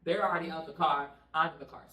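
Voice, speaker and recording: A woman vlogger telling a story to her viewers in a casual, animated way, laughing often. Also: low-pitched, fast talker. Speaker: family vlogger. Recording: roomy sound, mic at a distance.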